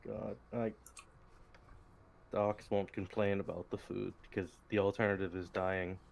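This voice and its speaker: A man's voice: on the low side, flat delivery, a little slow, gravelly, lo-fi sound. Groaning, swearing tabletop player man. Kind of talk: casual chat at a tabletop game.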